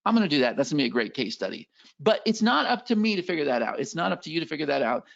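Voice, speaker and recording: Hyped up guy running a sales webinar, gravelly voice, bouncy pitch, pushing the chat hard. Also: racing. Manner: energetic and pushy, hyping the chat, lots of repetition. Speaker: webinar host selling software. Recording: dull lo-fi webinar audio.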